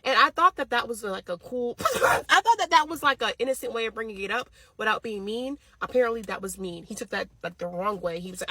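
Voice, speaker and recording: A woman rants through a story at a rapid clip, blunt and profane. Her voice sits a little high with a husky, breathy edge. The recording is dry and close, with no room sound. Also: expressive, bright, forceful tone, no echo. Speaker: storytime vlogger. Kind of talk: casual storytime rant.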